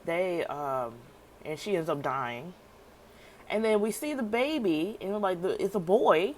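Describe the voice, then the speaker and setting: A woman casually recapping a TV episode, animated and slangy, laughing often. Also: lowish voice, unhurried, a little hiss or hum, poor audio. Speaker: TV show recapper.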